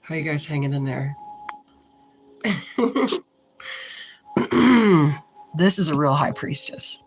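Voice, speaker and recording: Poor audio with a little hiss or hum carries a woman's low, animated voice as she reads tarot casually on camera. Frank and a bit irritated, she proceeds slowly and haltingly, talking through her thoughts as she shuffles and draws cards.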